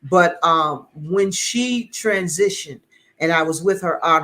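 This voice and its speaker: A man's voice: high voice, expressive, measured pace, pushed and bright. A middle-aged man giving an earnest, emotional personal testimony as an interview guest, often repeating words as he searches for them.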